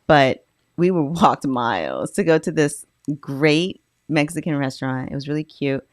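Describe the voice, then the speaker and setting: Low-voiced woman chatting casually. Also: normal speed, no room sound, clean studio sound. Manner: animated storyteller, laughs often. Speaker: podcast co-host. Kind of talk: casual chat.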